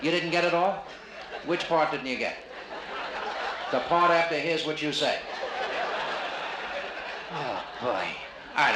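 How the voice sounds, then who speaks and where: A man doing live stand-up comedy, teasing a man from the audience with wisecracks. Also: mid-range voice. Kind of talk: live stand-up with crowd work. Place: casino showroom stage. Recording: live 1960s vinyl, roomy and noisy. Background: audience laughter.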